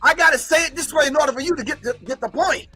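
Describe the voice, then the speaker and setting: A man putting on a playful, exaggerated mock Cockney accent, higher than his usual voice. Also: racing, sharp tone, faint music behind. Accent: mock Cockney put-on.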